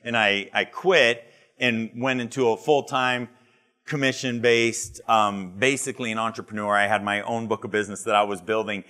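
Man, middle-aged, motivational speaker, humorous storyteller, bright forceful tone. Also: fairly low pitch, fairly even intonation, moderate pace. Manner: humorous storytelling, acts out dialogue. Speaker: conference speaker. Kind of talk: motivational keynote speech. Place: live conference retreat.

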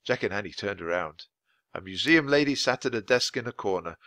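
A man reading a children's chapter book aloud for English learners, in clear, expressive storytelling. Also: on the low side, a little fast, no echo. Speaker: audiobook reader.

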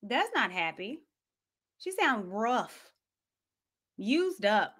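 A woman hosting her own commentary show, sassy and animated, with quick asides. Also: on the high side. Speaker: host. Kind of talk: commentary vlog.

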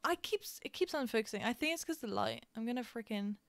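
A young woman from England chats casually while streaming a game, giggling often and filling her stories with "like" and "um." Her voice sits a touch high, and the recording is dry and close with no room sound. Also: lively intonation, quick pace, creaky, dry recording. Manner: chatty, giggly, storytelling with many fillers. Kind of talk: casual chat while gaming.

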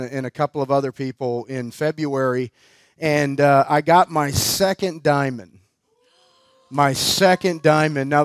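A guest preacher at a conference tells a personal story in a chatty sermon style, laughing often and filling his talk with fillers and restarts. His voice is a little high, clear, and resonant, and the recording is dry.

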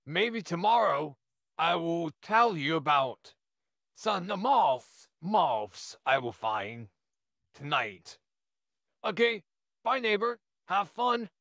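A man's voice: a little high, big pitch swings, slow, creaky, a bit bright, no echo, clean studio sound, heavily acted. A man voicing an overexcited, friendly young neighbor who gushes and stammers, in a listener role-play. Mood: excited. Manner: eager, gushing, stammering.

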